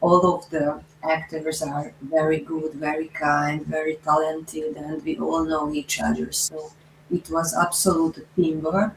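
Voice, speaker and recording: Slow Hungarian-accented actress, halting. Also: female voice, sits low, completely flat delivery, slight background noise. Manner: slow, hesitant, halting non-native English with many fillers. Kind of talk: festival interview. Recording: echoey room.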